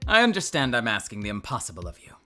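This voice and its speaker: A tired magician father, pushed very low and speaking in a subdued, apologetic tone, put on by a woman playing along with a video game. The intonation still rises and falls widely, and game music plays faintly behind him. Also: wildly swooping pitch, fast talker, exaggerated voice. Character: weary middle-aged male magician father. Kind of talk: playthrough voice acting.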